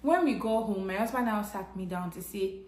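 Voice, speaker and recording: A woman's voice: medium pitch, a little fast, darkish tone. A Nigerian woman with a Nigerian English accent, telling a personal story to camera in an earnest, conversational way. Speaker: vlogger. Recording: echoey room.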